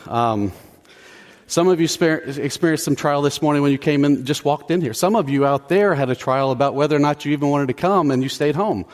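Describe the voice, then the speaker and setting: A middle-aged man preaching a conversational sermon in a church, checking in with the congregation and poking fun at himself. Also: mid-range voice. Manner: conversational, self-deprecating, repeats "okay?" to the congregation. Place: church sanctuary.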